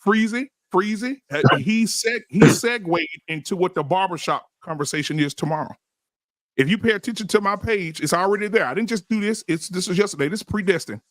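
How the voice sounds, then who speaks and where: Man, podcast host, high voice, preachy, profane, emphatic, dry close sound. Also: a little fast, no room sound. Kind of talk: heated panel talk. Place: live-stream podcast studio.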